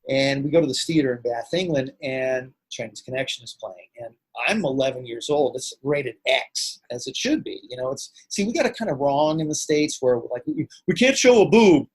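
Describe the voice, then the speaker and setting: Husky animated middle-aged man. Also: medium pitch, normal speed, few pauses, no echo, poor audio. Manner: animated, rambling, swings loud and soft. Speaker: guest, martial arts grand master and actor. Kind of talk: casual storytelling interview.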